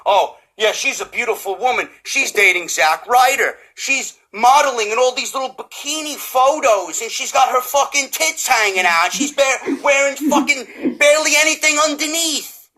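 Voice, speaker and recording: A man with a New York accent, ranting about wrestling with heavy swearing, mockery and frequent shouts. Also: very high-pitched, expressive, normal speed. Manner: swearing, often shouting, mocking. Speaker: wrestling reviewer. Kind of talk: profane comedic rant.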